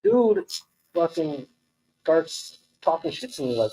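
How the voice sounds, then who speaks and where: A man's voice: fairly high pitch, huge pitch swings, takes it slowly, gravelly, mellow, low-quality recording. A man working as a tattoo artist, telling a long story in a laid-back way, full of swearing and acted-out quotes. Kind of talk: casual storytelling.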